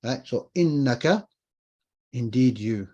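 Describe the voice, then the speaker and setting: A man's voice: mid-range voice, animated, slow, dark tone, slightly rough, muffled recording. A man teaching an online Arabic class, explaining patiently and repeating key phrases. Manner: explains patiently, repeats phrases, asks and answers his own questions.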